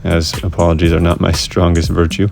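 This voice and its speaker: A man narrates his vlog in a casual, rehearsed style, cracking wry jokes at his own expense. His voice sits low. Soft music plays faintly behind him. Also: monotone, fairly quick, creaky. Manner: wry, self-mocking humor. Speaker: vlog host.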